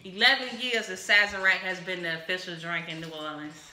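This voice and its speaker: Woman host, bright and cutting, exuberant rambling comic patter, echoey room. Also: lowish voice, fairly even intonation, fairly quick, soft background music. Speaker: comedy cocktail show host. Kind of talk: casual comedic chat while mixing drinks.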